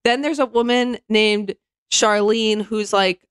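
A woman's voice: medium pitch, takes it slowly, clean tone, dry recording. Sarcastic woman in casual comedic chat. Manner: sarcastic, acts out quoted people in mocking voices.

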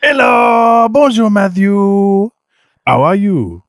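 A man's voice: high voice, very animated, takes it slowly, clear, resonant tone, dry recording, studio quality, voice pushed up, exaggerated voice. A man putting on a hammy, pompous French accent to play a boastful rally driver as a joke. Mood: pompous mock. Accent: put-on French.

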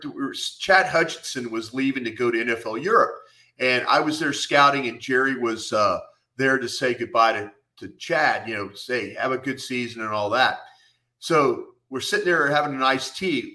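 A man's voice: medium pitch, pushed and bright. A middle-aged man, a former football scout and co-host, telling rambling anecdotes full of fillers. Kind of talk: casual storytelling.

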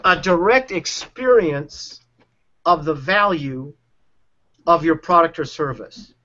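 Earnest high-voiced man explaining a method. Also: slow. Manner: earnest, lively, acts out quoted speech. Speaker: relationship and sales coach. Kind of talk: explaining a technique in a conversation. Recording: dull lo-fi sound.

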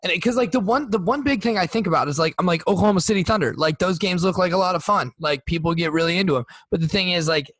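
Lively, higher-voiced man chatting. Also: fast, few pauses, dry recording. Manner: animated, hesitant with many restarts. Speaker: podcast co-host. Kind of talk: casual chat.

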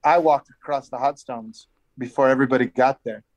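A man's voice: mid-range voice, fairly quick, highs cut off, a crowd in the background. A middle-aged man, the host of a competition show, telling stories casually as a guest and acting out what people said. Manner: animated, swears casually, quotes people. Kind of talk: casual storytelling.

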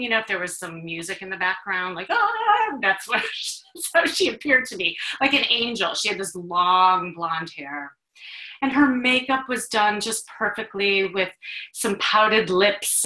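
A woman from Chicago, hosting a talk for women and telling her own story in an animated, confiding way with laughs and restarts. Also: medium pitch, echoey room, low-quality recording. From Chicago, USA. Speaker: host, dating coach. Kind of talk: personal storytelling to an audience of women.

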